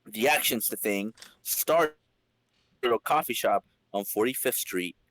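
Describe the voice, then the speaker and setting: Casual guy host reading a comic out loud, trips on words, bright voice. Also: lowish voice, a little slow, no echo. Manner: stumbling, joking asides. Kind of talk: casual comedic reading aloud.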